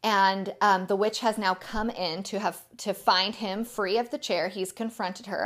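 A woman's voice: mid-range voice, steady tone, unhurried, few pauses, a bit bright. A woman teaching a church group and reading a novel aloud, explaining as she goes with a few halts.

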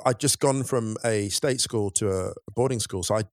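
A man's voice: fairly low pitch, normal speed, dry recording, clean studio sound. A man chatting on a podcast, telling his own story in a candid, emphatic way. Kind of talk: casual chat.

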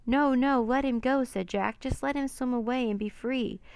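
A woman doing an anxious, bookish young boy who grows urgent in a read-aloud storybook. The voice has a light gravelly edge and a dry, close feel. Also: fairly high pitch, normal speed, a little mellow, dry recording, voice pushed up.

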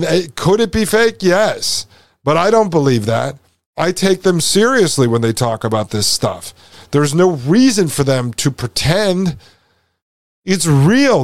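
Emphatic higher-voiced man commentating. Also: no room sound, clean studio sound. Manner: emphatic, repeats phrases, sarcastic asides. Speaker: podcast host. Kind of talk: commentary over a played video.

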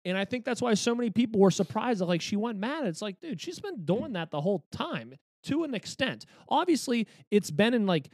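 A man co-hosting a podcast, talking in an animated, rambling way with lots of fillers. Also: sits high, a little fast, hardly any pauses, no echo, clean studio sound. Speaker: podcast co-host. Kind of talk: casual chat.

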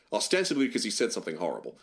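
A man co-hosting a podcast, chatting casually about movies in an opinionated, animated way with sarcastic asides. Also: lowish voice, racing. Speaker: podcast co-host. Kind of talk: casual film chat.

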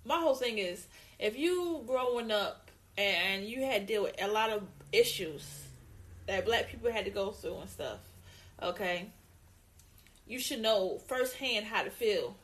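A woman co-hosting a casual opinion talk, emphatic and repeating her points, with lively put-on greetings. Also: medium pitch, unhurried. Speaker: co-host.

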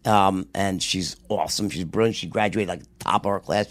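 A middle-aged man with a New York accent, a guest telling candid, profane stories with animated outbursts and frequent restarts. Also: low-pitched, normal speed, dry recording. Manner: animated, profane, loud impressions with repeated restarts. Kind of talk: candid storytelling in conversation.

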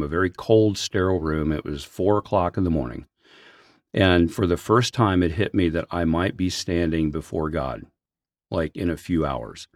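A man's voice: deep voice, no echo, studio quality. A man who works as a senior pastor, telling a personal story on a podcast in an earnest, heartfelt way. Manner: earnest, heartfelt, animated in places.

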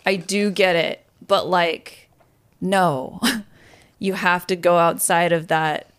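A young adult woman co-hosting a casual podcast chat, earnest and halting, often repeating herself. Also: fairly low pitch, steady tone, clear, resonant tone. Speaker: podcast co-host.

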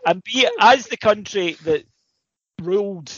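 Man, podcast co-host, fairly high voice, dry dull lo-fi sound, animated, swears freely. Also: slow pace, dry recording. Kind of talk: casual comedic chat.

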